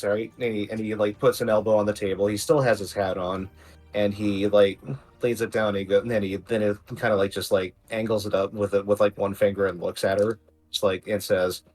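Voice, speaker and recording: A man playing a tabletop game, describing his character's actions in a halting, filler-heavy way. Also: on the low side, flat delivery, darkish tone, faint music behind. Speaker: player.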